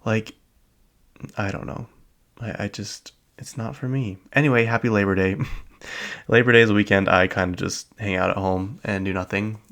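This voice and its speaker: A man's voice: lowish voice, fairly even intonation, moderate pace, a bit bright. A young adult man hosting a solo podcast, chatting casually and rambling with lots of filler words and small laughs. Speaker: podcast host.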